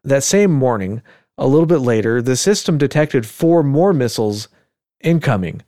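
A man's voice: medium pitch, animated, moderate pace, dark tone, no echo, studio quality. A man hosting a podcast, telling a story in casual chat with joking asides and frequent chuckles. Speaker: podcast host.

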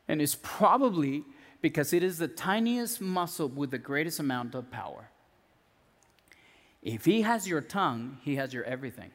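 A male pastor giving a conversational sermon with restarts, dropping soft and low when he prays. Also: lively intonation, normal speed. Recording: long hall reverb.

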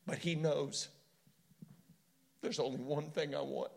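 Impassioned, gravelly male preacher. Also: fairly high pitch, fairly even intonation, takes it slowly. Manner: impassioned storytelling, rhetorical questions. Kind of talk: sermon.

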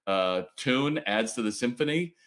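A man hosting a business livestream, ranting bluntly and swearing as he pushes retailers to plan and fight. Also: a little slow. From United States. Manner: blunt, fiery, swears, lively swings in pitch. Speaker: business coach livestream host. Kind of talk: ranting motivational livestream talk.

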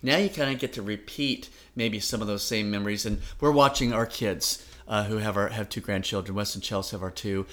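A man's voice: on the low side, fairly even intonation, brisk, few pauses, fairly bright tone. A middle-aged man co-hosting a podcast, talking in an earnest, encouraging way. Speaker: podcast co-host. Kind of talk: casual chat.

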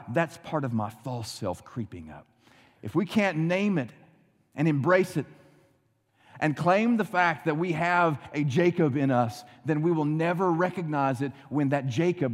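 Man, pastor, sermon, dramatic hushed drops, long hall reverb. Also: on the high side.

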